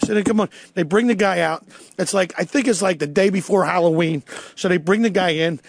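A man with a high, gravelly voice spins rowdy, profanity-laced stories, jumping into the voices of the characters he describes. The sound is close and dry, with no room around it. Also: brisk, no room sound. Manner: animated, swearing, acts out voices in his stories. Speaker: guest storyteller. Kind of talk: casual profane anecdote telling.

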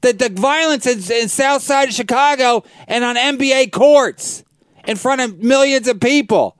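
A man hosting a casual radio chat, talking loudly in a rambling, provocative way with many restarts. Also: very high-pitched, normal speed, clean tone, no room sound. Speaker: host.

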